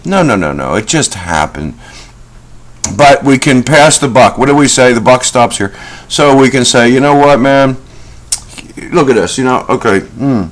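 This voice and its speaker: Middle-aged man as a self-help vlog host, rambling and folksy, pitch that rises and falls a lot. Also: animated, moderate pace. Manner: rambling, folksy, with many fillers and asides. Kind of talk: casual talk to camera.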